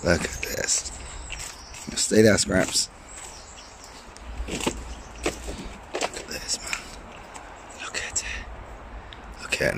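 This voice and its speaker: A man with a hoarse voice from a cold, chatting casually and cheerfully into a handheld camera beside a small overgrown lake. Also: low voice, slight background noise. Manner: upbeat, rambling, laughs often. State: hoarse, losing his voice from a cold. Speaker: fishing vlogger.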